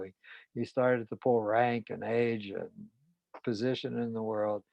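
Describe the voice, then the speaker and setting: Gravelly male psychologist telling a case story, frank, dull dry recording. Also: mid-range voice, very animated, a little slow, no echo. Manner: frank, conversational.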